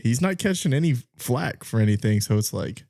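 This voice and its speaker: A man in his thirties chatting on a podcast at a mid-range pitch. He rambles, piling up fillers and letting thoughts trail off. The talk is loose and casual. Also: expressive, brisk, dark tone. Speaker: podcast co-host. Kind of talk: casual chat.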